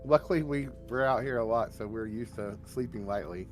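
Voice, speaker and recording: A man playing a tabletop game, talking in character in an easygoing, calming way. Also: mid-range voice, a little fast. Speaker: player. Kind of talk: in-character tabletop role-play.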